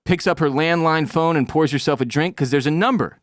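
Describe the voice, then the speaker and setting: A man hosting a casual podcast, retelling a TV episode in an animated, storytelling way. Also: fairly high pitch, fairly quick, dry recording, studio quality. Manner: animated storytelling, recapping a scene. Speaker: podcast host.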